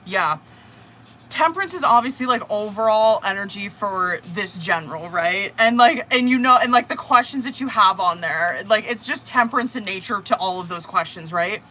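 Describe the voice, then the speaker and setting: A woman's voice: mid-range voice, normal speed, a little hiss or hum. A woman doing a live tarot reading, chatting casually, swearing often and acting out her viewer's feelings. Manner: casual, swearing, animated, acts out the querent's thoughts. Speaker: tarot reader.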